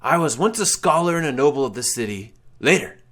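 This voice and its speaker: A man voicing an ancient ghostly wraith sorcerer who declaims slowly and grandly. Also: lively intonation, a bit bright. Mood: commanding. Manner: slow, booming, grandly declaiming.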